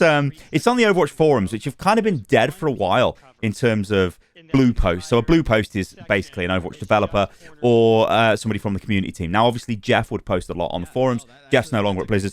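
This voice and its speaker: A man hosting a casual gaming news channel, chatty and animated, laughing at his own asides. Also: mid-range voice.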